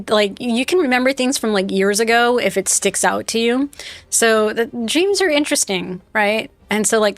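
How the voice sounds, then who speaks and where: A woman's voice: medium pitch, no echo. A woman streaming a game live, telling a rambling story in casual chat and talking back to her viewers. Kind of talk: casual chat while playing.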